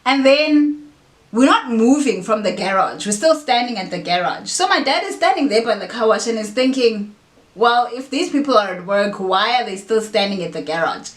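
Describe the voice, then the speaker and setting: A young woman shares a family story with animated energy. Her voice sits a little high. The room around her sounds echoey. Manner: animated, switches into isiXhosa quotes. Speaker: vlog co-host. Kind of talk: casual storytelling chat.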